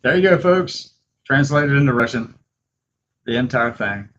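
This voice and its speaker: A man hosting a casual video, laughing often and slowly dictating his words as he types. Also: medium pitch, expressive, a bit bright, muffled recording. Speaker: video host. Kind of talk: casual chat while typing.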